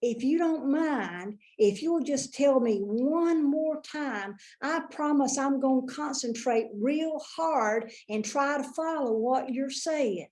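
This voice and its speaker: A woman putting on her own exaggerated Southern drawl, slow and mock-innocently polite. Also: high-pitched, a little mellow. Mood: sugary polite.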